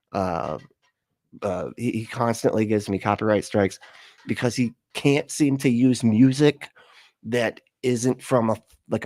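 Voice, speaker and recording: A man's voice: fairly low pitch, darkish tone, no echo, studio quality. A man hosting a livestream, reacting to video clips in casual, sarcastic commentary with frequent laughs. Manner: sarcastic, laughing, swearing, talks over clips.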